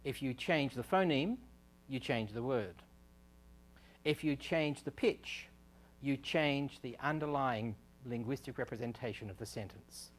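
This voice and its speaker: A man's voice: medium pitch, a little slow. A man giving a university lecture on speech science, explaining step by step, with fillers and restarts. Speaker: research scientist giving a technical talk. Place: lecture room.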